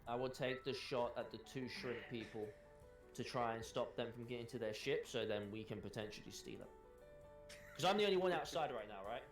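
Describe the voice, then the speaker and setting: A man's voice: medium pitch, fairly quick, reverberant, soft background music. A man playing a tabletop game, describing what his character does. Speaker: player. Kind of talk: casual tabletop play.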